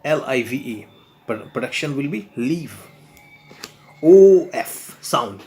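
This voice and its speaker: A man teaching pronunciation, spelling words out letter by letter and repeating them deliberately. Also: medium pitch, expressive, darkish tone, faint music behind. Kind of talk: pronunciation lesson.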